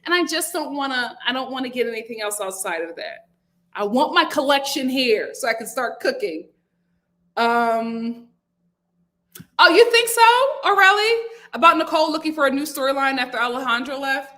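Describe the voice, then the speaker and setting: Young adult woman, high-pitched, chatty live review host, animated, reading viewer comments at home. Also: brisk. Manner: chatty and animated, jumps to high-pitched exclamations and acted quotes; reads viewer comments aloud. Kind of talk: live reality-TV review chat. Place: home room, lit by a window.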